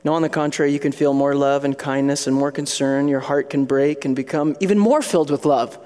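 A male pastor with a high voice preaches in an earnest, chatty way, as if telling a story to friends. His words ring out with a long reverb. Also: fairly even intonation, brisk, warm tone. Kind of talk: sermon.

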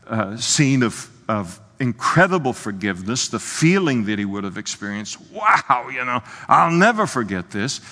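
A man preaching an expository sermon, emphatic and exclamatory, pausing on fillers and restarts. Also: mid-range voice, a bit bright. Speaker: pastor. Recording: long hall reverb.

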